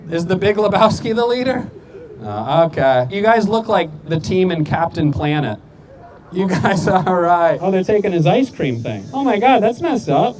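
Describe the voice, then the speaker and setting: Male street comic, high voice, dry roasting crowd work outdoors, faint city noise. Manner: rapid deadpan roasts, wisecracking. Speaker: street comedian.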